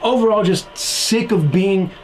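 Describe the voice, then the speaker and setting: Earnest casual youth pastor preaching. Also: male voice, high-pitched, unhurried, a little mellow, slight background noise, rough recording. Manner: earnest, casual slang, voices scripture characters. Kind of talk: online youth sermon.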